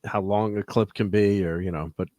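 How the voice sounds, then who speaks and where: A middle-aged man hosting a casual livestream, laid-back and given to chuckling between thoughts. His voice sits low, and the sound is dry and close. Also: fairly even intonation, normal speed, dark tone, no room sound. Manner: laid-back, chuckles often, lots of fillers. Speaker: host.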